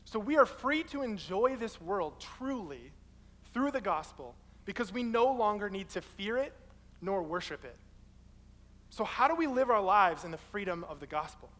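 High-voiced young preacher in a reverberant hall. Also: male voice, moderate pace. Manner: casual, animated, acts out quoted people in his story. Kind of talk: sermon with personal storytelling.

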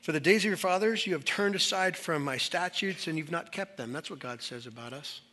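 A man preaching to his congregation in a bright, forceful voice that sits a little high. He talks conversationally but drives his points home with emphatic, building repetition. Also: brisk. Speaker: pastor. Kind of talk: sermon. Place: church service.

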